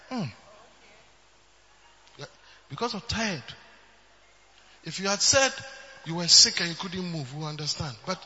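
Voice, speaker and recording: A man preaching a sermon, moving between loud shouting and quieter storytelling. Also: sits high, animated, normal speed, pauses often, long reverb tail, slight background noise. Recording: dull lo-fi recording.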